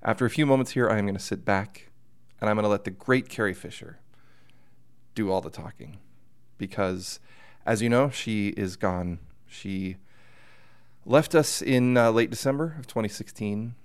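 A man hosting a podcast, introducing a tribute episode in an earnest, measured, reverent way. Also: fairly low pitch, clean tone. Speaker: podcast host.

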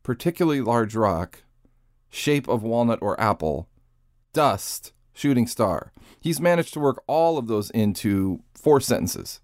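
A man's voice: fairly low pitch, animated, slow pace, a little mellow, dry recording, studio quality. A man hosting a podcast in casual commentary style. He sounds sarcastic and incredulous, and he swears freely. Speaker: podcast host.

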